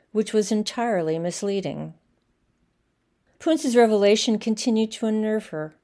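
A woman narrating a story in a steady, measured reading style. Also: mid-range voice. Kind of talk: scripted narration.

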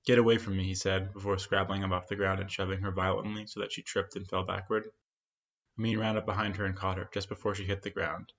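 A man narrating a short story in a steady, measured reading, on a dull lo-fi recording. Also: low voice. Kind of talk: scripted fiction reading.

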